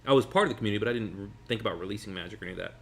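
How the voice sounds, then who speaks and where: Man, magician guest, quick rambling storyteller, lowish voice. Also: creaky. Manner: rambling, animated, many restarts. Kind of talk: casual storytelling chat. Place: sitting at a table over food.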